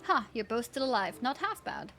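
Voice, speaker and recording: A woman reading out the lines of a gruff male marine drill sergeant who barks insulting orders. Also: a little high, sing-song, moderate pace, pushed and bright, full character voice.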